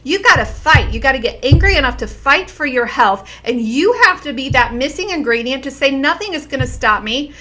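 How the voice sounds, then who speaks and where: A woman's voice: sits high, lively intonation, a little fast, hardly any pauses, sharp tone. A middle-aged woman health coach giving an earnest, emphatic motivational talk to her viewers. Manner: earnest and emphatic, with repeated phrases.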